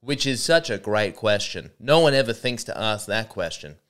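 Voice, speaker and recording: A young man riffs alone into his podcast mic as a comedian. His voice is smooth and resonant, and his rambling, sarcastic delivery turns often to mocking himself. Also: on the low side, big pitch swings, normal speed, fairly bright tone. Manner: sarcastic, rambling, self-deprecating. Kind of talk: solo comedic monologue.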